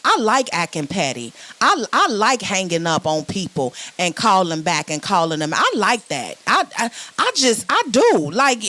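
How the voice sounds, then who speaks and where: Woman, stand-up comic, sassy, loud, restarts her phrases. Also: mid-range voice, sing-song, normal speed, hardly any pauses, no echo. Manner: loud, sassy, repeats words when starting phrases. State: sweating. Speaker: stand-up comedian. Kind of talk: virtual stand-up comedy set.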